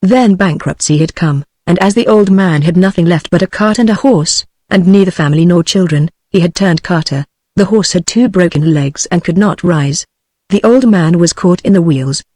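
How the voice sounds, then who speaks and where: A text-to-speech voice of a woman with a British English accent, reading a classic novel aloud in an even, mechanical way. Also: fairly low pitch, normal speed, no echo. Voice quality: even, mechanical delivery that reads punctuation aloud. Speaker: narrator. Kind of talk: synthetic audiobook reading.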